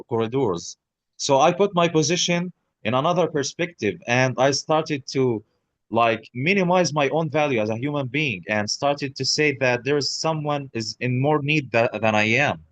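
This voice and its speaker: A man, a podcast guest telling his own story in halting speech full of restarts and blunt swearing. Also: mid-range voice, no room sound. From Gaza. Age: 30s. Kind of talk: personal account in an interview.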